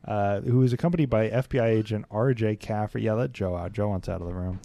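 A man's voice: on the low side, fast, vocal fry, no room sound. A young man hosting a podcast, reading a historical account aloud and breaking off for casual, laughing asides. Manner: steady read-aloud with laughing, chatty interjections. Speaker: podcast host.

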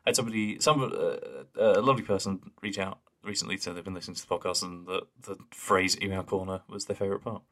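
A man's voice: sits low, fast, few pauses, a bit bright. A man co-hosting a fan podcast in casual chat, joking and swearing, reading listener emails aloud. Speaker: podcast co-host.

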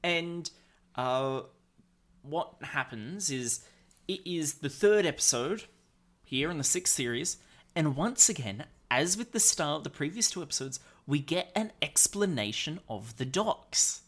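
A man's voice: on the high side, animated, a little slow, a bit bright. A man co-hosting a casual fan podcast, giving detailed, nitpicky commentary. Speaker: podcast co-host. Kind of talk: casual chat.

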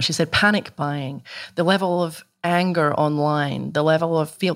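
A woman speaks in a low register during a conversational interview. She talks earnestly and emotionally, often restarting her sentences. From Australia.

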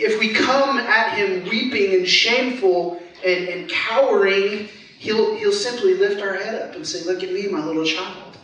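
A young male pastor delivers an earnest, conversational sermon, often restarting his sentences. His voice sits high for a man. It rings through a very echoey hall and is picked up from well back from the mic. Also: bright, forceful tone. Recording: echoey hall, heard from a distance.

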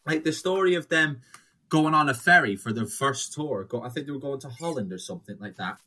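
Young guy, casual storyteller, salty language, mid pitch. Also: expressive, fairly quick, sharp tone. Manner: rambling storyteller, swears freely, acts out quotes. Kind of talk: casual chat.

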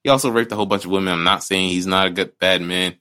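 A man's voice: low-pitched, steady tone, fast, sharp tone. A man co-hosting a podcast in casual chat, ranting and joking with lots of swearing. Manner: ranting, profane, jokey. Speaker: podcast co-host.

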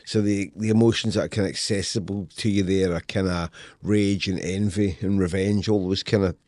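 A Scottish man with a very deep voice answers in a dry, understated, wry manner. The recording is close and dead, with no room sound at all. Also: steady tone, fairly quick, a little mellow, no room sound. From Scotland. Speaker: guest novelist. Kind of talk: relaxed interview answers.

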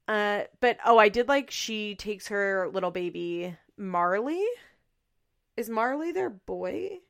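Candid woman with a gravelly edge. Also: mid-range voice, a bit bright. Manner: candid, swears freely, lots of fillers. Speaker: podcast host. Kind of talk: casual solo chat.

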